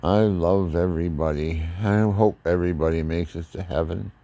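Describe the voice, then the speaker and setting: A man's voice: rumbling low, gravelly. An older man talking casually about faith and family, rambling and preachy as he tells his stories. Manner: rambling, preachy, animated storytelling. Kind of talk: casual religious monologue.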